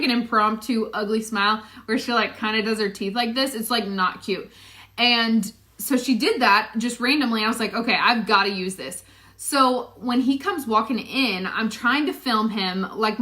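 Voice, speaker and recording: A woman's voice: a little high, pushed and bright. A pregnant young woman, chatting casually to camera and telling a story with lots of "like" and "y'all". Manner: chatty storytelling with many "like"s, addresses viewers as "y'all". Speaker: vlogger.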